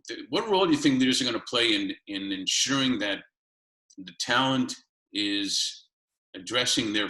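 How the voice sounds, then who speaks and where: A man with a bright, forward voice that still sits fairly low asks long, winding interview questions. He often restarts a phrase and slips in a small laugh before finishing a thought. The recording sits in a roomy, echoey space.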